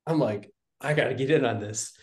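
A young real estate investor, appearing as a guest on an interview show, casually tells an animated story and acts out the quoted dialogue. His voice is mid-range and brisk, and the recording has a roomy, echoey sound.

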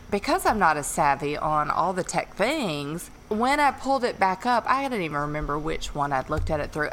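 Animated low-voiced woman podcaster. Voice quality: a little low, nice voice quality. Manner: animated storyteller, laughs often. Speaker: podcast co-host. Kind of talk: casual chat.

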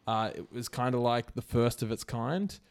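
In casual podcast chat, this co-host has a gravelly, medium-pitched voice and talks at normal speed. He's laid-back and meandering, leaning heavily on fillers.

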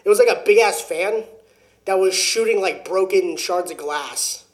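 A man's voice: high-pitched, normal speed. A man co-hosting a podcast in casual chat, talking in slang and swearing a lot as he describes things that gross him out. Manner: slangy, profane, squeamish complaining. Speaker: podcast co-host.

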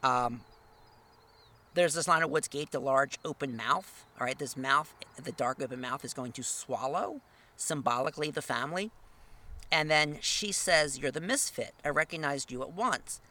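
Bright-voiced man lecturing on a story. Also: moderate pace. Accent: Northern US. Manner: conversational, tag questions, reads quotes aloud with lifted pitch. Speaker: literature teacher. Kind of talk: lecture reading and analyzing a short story.

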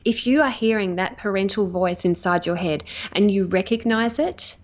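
Woman guest coach, mid-pitched, earnest and emphatic, muffled lo-fi sound. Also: normal speed. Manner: earnest, emphatic, warmly enthusiastic. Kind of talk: interview answers. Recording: dull lo-fi audio.

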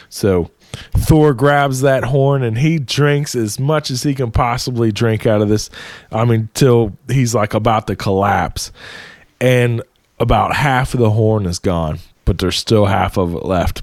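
A man's voice: mid-range voice, unhurried, no echo, clean studio sound. Man telling a story casually and profanely. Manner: profane, animated, laughs while telling.

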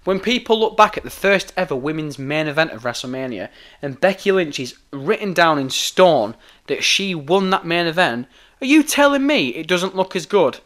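A hoarse man rants into his podcast microphone, swearing freely and circling back over his points. His voice is bright, forceful and a touch high, worn rough from talking at length. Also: big pitch swings, moderate pace. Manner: heated, sweary, repeats himself. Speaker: podcast host. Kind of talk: ranting podcast commentary.

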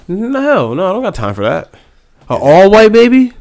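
A man in casual comedic banter, riffing loudly with laughs and cursing. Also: high-pitched, wildly swooping pitch, normal speed.

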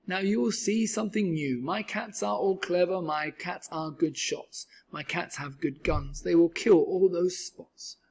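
A man's voice: high-pitched, a little slow, creaky, hardly any pauses, darkish tone, slightly rough, full character voice. A man reading aloud and voicing a cheerful, boastful male cat in a tall hat, with a showy, exclaiming manner. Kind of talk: storybook read-aloud.

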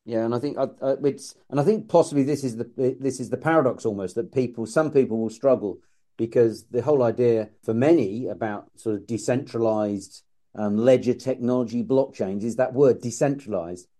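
Man, podcast host, mellow tone, reflective, halting. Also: medium pitch. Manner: reflective, halting, frequent restarts. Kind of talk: podcast interview.

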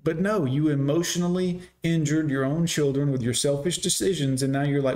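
A man's voice: medium pitch, normal speed, a little mellow. A man giving sarcastic, scornful reaction commentary, lecturing his listeners.

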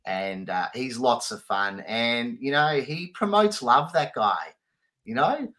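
A man's voice: medium pitch, expressive, slow pace, bright, forceful tone. A man, a podcast co-host telling stories casually, laughing and swearing freely. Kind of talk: casual chat.

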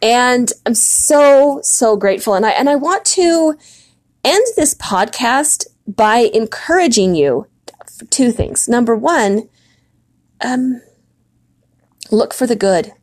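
A woman's voice: a little high, animated, slow pace, long pauses, a little mellow. A middle-aged woman hosting a faith-based podcast, telling a story earnestly and reflectively, with frequent fillers and restarts. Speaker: podcast host.

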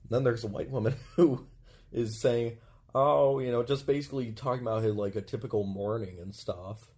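A man's voice: medium pitch, fairly even intonation, normal speed, a little mellow. A man co-hosting a casual film discussion, laid-back and rambling with lots of fillers. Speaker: podcast co-host.

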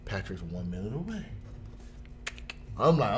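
A man telling a funny everyday story in a casual chat, jumping into high voices when he quotes people. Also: huge pitch swings, fast, gravelly, long pauses, darkish tone.

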